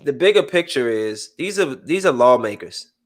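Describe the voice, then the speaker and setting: A man's voice: mid-range voice, moderate pace. A man hosting a podcast in casual chat, talking animatedly and acting out the people he quotes. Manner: animated, acts out quoted voices. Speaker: podcast host.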